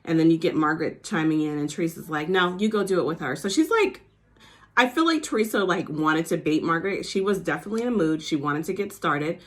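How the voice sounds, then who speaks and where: Woman, casual reality TV recap vlogger, chatty filler-heavy talk, slightly low voice. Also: quick pace. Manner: chatty, animated, full of "like" and "you know"; acts out quotes in a mock New Jersey accent.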